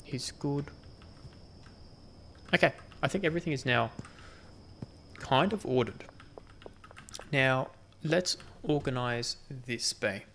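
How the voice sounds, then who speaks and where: A man's voice: medium pitch, slow, pauses often, fairly bright tone, a little hiss or hum. A man giving gameplay commentary, thinking aloud and muttering counts to himself as he plays. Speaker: gaming channel host.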